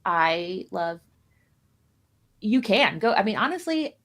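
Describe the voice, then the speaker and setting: During a live stream, a woman co-host chats about a card game in a rambling, self-deprecating, jokey way. She speaks slowly in a sing-song, mid-range voice that is a bit bright.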